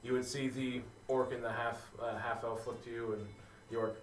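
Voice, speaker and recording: A man's voice: mid-range voice, level tone, moderate pace, slight background noise. A man running a tabletop game as game master, narrating with lots of hesitations. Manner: hesitant, filler-heavy narration. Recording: echoey room, far from the mic, faint music.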